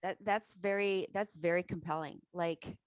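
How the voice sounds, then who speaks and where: A woman's voice: fairly low pitch, steady tone, moderate pace, smooth, no room sound. A woman hosting an interview, encouraging her guest and asking long, winding questions. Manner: warm and encouraging, asks long rambling questions. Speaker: host.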